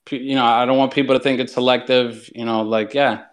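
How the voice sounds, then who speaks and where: Here is a man with a mid-pitched voice on an online community call. He talks loosely and keeps reaching for "like" and "you know". His delivery sounds casual and unscripted. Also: flat delivery, fairly quick. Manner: chatty and rambling, full of "like" and "you know". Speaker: community member offering giveaways.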